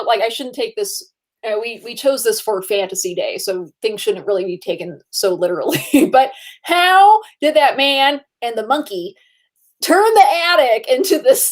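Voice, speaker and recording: A woman co-hosting a casual movie podcast, relaxed and chatty and a little sleepy. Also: high voice. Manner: relaxed, chatty, lots of likes and laughter. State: sleepy, yawning. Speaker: podcast co-host.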